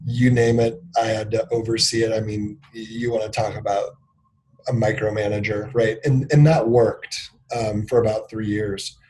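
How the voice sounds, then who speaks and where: A man's voice: lowish voice, warm tone, a little hiss or hum, rough recording. A man in his thirties, a company founder, telling a personal story as an interview guest in a candid, filler-heavy way, often acting out what people said. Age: 30s. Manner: candid, filler-heavy, acts out quoted dialogue.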